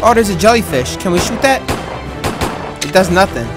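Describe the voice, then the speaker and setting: A woman giving loud, excitable gameplay commentary, breaking into laughs and curses as she plays. Her voice sits at a middle pitch, and game music plays clearly underneath. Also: moderate pace. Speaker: gaming video host.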